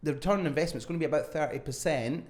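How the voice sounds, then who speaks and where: A man's voice: fairly high pitch, racing, a little mellow. A man co-hosting a casual podcast, telling stories and giving numbered tips on property investing. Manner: storytelling, gives numbered tips.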